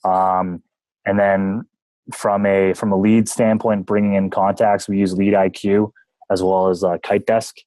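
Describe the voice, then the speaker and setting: A Canadian man guesting on a business podcast talks casually in a lowish voice. He is relaxed and chatty and laughs easily. The sound is dry and close, with no room around it. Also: unhurried, no echo, poor audio. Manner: relaxed and talkative, laughs easily, jokes about himself. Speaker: podcast guest, sales development manager.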